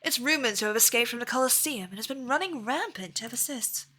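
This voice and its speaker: A woman's voice: fairly high pitch, lively intonation, brisk, sharp tone. A woman voicing a stiffly polite guild clerk from a video game, with formal, precise diction. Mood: prim, formal. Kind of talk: reading game dialogue aloud.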